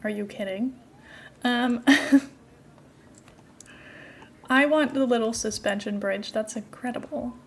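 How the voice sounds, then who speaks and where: Chatty woman streamer, slightly high voice. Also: slow, long pauses, a little hiss or hum. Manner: chatty, giggly, talks to herself while building. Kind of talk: casual game-stream chat.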